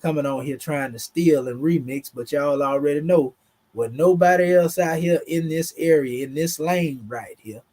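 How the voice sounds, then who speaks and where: A man's voice: on the high side, normal speed, a little mellow. A man with a Southern US drawl giving a casual, emphatic online lesson, talking through charts in a slangy, conversational way. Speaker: teacher.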